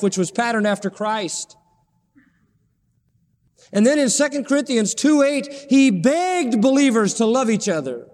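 A man's voice: very high voice, in a large hall. A man preaching a sermon as pastor, pleading and impassioned, his voice rising and dropping suddenly.

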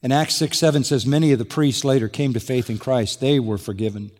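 A man's voice: mid-range voice, a little fast, darkish tone, big-room sound, slight background noise. A man preaching an expository sermon, emphatic and building to exclamation on key points. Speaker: pastor.

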